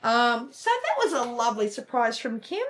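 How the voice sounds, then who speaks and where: A woman's voice: on the high side, sing-song, moderate pace, slight background noise. A woman co-hosting a casual crafting chat, gushing and chatty, often trailing off mid-sentence. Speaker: co-host of a cross-stitch channel.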